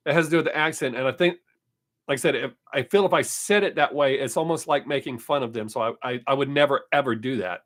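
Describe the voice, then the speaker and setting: During his weekly live stream, this man casually replies to viewer comments and brushes off critics, speaking in a mid-range, slightly bright voice.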